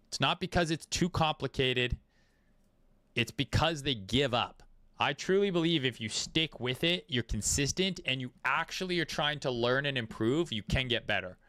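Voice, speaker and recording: A man's voice: medium pitch, sharp tone, dry recording, clean studio sound. A man giving casual, profane, laid-back commentary on trading charts during a livestream, with many fillers. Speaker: trading streamer.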